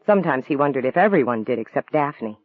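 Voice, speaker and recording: A man narrating an audiobook novel in a calm, even storytelling voice. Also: mid-range voice, fast talker, no room sound. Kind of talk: scripted narration. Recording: dry, tinny phone-like sound.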